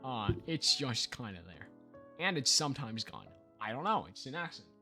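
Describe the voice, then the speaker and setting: A man's voice: mid-range voice, sing-song, moderate pace, music in the background. A young man co-hosting a podcast, chatting casually with lots of laughter, fillers and loose tangents. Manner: giggly, rambling, lots of fillers. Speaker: podcast co-host. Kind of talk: casual chat.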